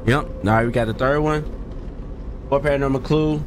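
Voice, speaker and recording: A man's voice: medium pitch, normal speed, over music. A young man streaming a horror game, jumpy and exclaiming as he talks to his chat. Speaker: gaming streamer. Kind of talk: live horror game commentary.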